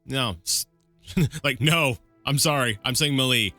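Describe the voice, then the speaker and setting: A man's voice: mid-range voice, slow pace, bright, forceful tone, no echo, soft background music. A man giving casual let's-play commentary, rambling and correcting himself with plenty of fillers and restarts. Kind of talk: casual live gameplay commentary.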